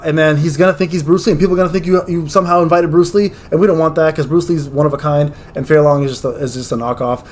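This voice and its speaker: A man hosting a gaming video, giving casual, rambling, slangy tier-list commentary with jokes and quick restarts. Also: on the high side.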